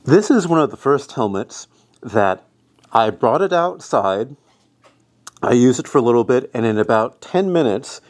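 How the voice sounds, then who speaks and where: A man's voice: mid-range voice, lively intonation, moderate pace. A man casually reviewing a helmet he is wearing, loose and rambling, chewing gum with his face squeezed. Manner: rambling, loose and chatty with fillers. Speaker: product reviewer. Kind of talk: casual product review vlog. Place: indoors, cold day with rain outside.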